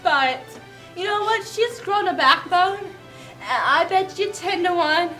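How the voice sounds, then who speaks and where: A woman's voice: extremely high pitch, lively intonation, slow pace, bright, forceful tone, soft background music. A woman telling a comic story recap, giggling often and acting out the characters' lines. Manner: giggly, acts out lines in voices. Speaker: host.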